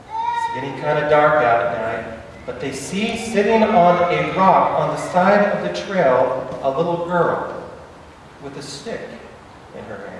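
A man's voice: mid-range voice, far from the mic, background noise. Dramatic preacher man in an echoey hall. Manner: dramatic, stammered repetitions, swings between loud and hushed. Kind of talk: sermon storytelling.

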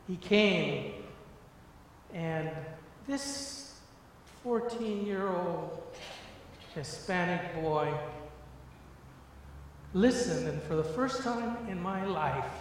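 A middle-aged man preaching a sermon, moving from hushed tones to fervent, repeated emphasis. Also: sits high, slight background noise. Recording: echoey hall, far from mic.

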